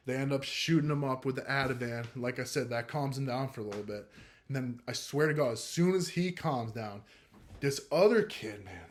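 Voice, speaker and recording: Laid-back young man swearing through a story. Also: medium pitch. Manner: laid-back, profane, heavy use of filler "like". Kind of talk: casual first-person storytelling.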